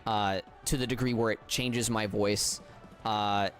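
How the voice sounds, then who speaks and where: A tired man streaming a racing game, chatting casually with viewers in a flat, subdued way with halting restarts. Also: lowish voice, soft background music. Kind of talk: casual livestream chat with viewers.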